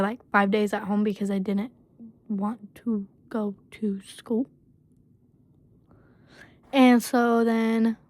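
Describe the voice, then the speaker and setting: Her voice sits on the high side in a dry recording as she casually shares a personal anecdote. The storyteller vlogger's speech is halting and crowded with fillers such as "um" and "basically."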